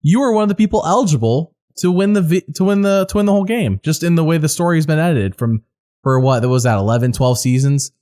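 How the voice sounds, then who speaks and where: A man co-hosting a podcast, talking in a chatty, animated way. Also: a little high, quick pace. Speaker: podcast co-host. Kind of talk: casual podcast chat.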